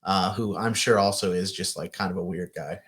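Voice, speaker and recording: Chill guy cohosting a podcast, kinda low voice, blunt, swears a lot. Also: brisk, a bit bright. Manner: laid-back, blunt, swears casually. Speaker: podcast co-host. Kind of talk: casual chat.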